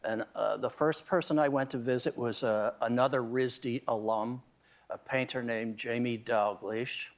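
A man's voice: mid-range voice, steady tone, unhurried. Older man rambling through band stories. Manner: rambling anecdotes with many restarts and laughs. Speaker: drummer, band guest. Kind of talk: storytelling in a talk-show interview.

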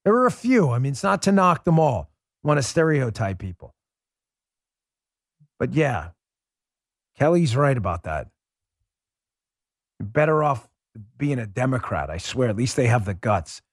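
A man hosting a political commentary show, ranting with heated scorn and dropping at times to a low, quieter mutter. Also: very animated, unhurried, long pauses, no room sound, clean studio sound. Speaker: host.

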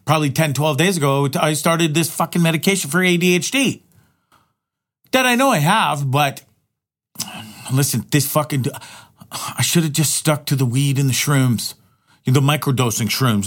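A man's voice: fairly high pitch, moderate pace, a bit bright. A man hosting his own podcast in a rambling, profane solo monologue, often restarting his sentences. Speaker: podcast host.

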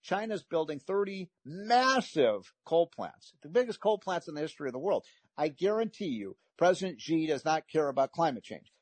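A man's voice: on the high side, big pitch swings, moderate pace, no echo. A man hosting a talk radio show, delivering an emphatic, frustrated political monologue with frequent restarts.

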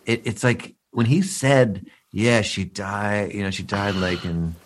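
A comedian guest talking casually, deadpan and jokey. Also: male voice, lowish voice, unhurried, a little hiss or hum. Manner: deadpan, jokey, slips into comic accents. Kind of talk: casual chat.

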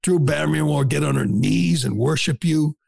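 A male talk radio host with a gravelly, slightly husky voice, recorded close and dry in a studio. He talks in a blunt, sarcastic, combative way, mocking and opinionated. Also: fairly high pitch, moderate pace, a little mellow, no echo.

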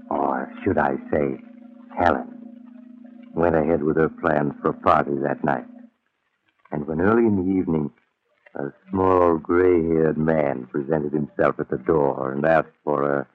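A man narrates in a measured storytelling manner with an extremely deep voice. It comes through a thin, tinny old radio broadcast. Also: a little hiss or hum. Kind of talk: scripted radio drama narration.

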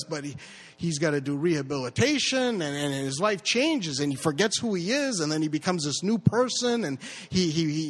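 Stammering storyteller man, slightly high voice. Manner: stammering, repeats words, animated impressions. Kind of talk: live personal storytelling.

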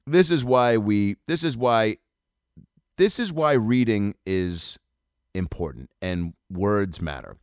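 A man's voice: sits low, dry recording, studio quality. A man hosting a comedy podcast, reading news articles aloud and riffing on them with loose jokes and swearing. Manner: joking, loose, swearing, lots of fillers and asides.

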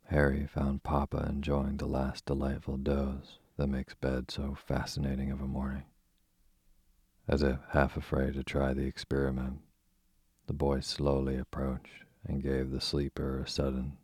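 An audiobook narrator reads an old-fashioned children's story in storybook style, his extremely deep voice carrying a husky grain. The delivery is steady, nearly monotone, and the recording is dry and close.

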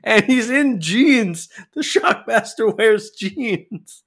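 A man hosting a podcast, telling a story in an animated, profane, casual way. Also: sits high, slow pace. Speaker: podcast host. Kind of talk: casual chat.

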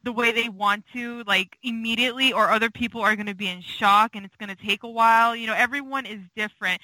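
A woman's voice: on the high side, bright, forceful tone, dry recording, rough recording. A woman co-hosting a fan podcast, talking casually and emotionally with many fillers. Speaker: podcast co-host.

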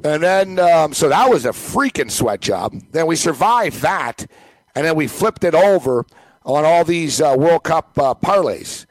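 A man's voice: fairly high pitch, sing-song, a little slow, no room sound, rough recording. A man co-hosting a casual sports talk show, ranting emphatically and rambling with lots of fillers.

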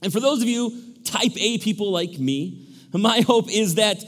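A male pastor preaching a sermon in a lively, animated way, acting out characters with shifting voices. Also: high voice, unhurried. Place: large church hall. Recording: echoey church hall.

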